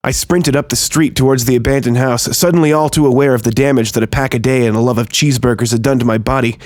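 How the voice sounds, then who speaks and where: A man narrating a first-person horror story in a tense, steady storytelling manner. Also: mid-range voice, quick pace, dry recording, studio quality.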